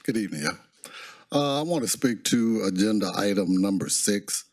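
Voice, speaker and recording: A man's voice: lowish voice, lively intonation, moderate pace, no echo. A man giving an earnest public comment at a city council meeting.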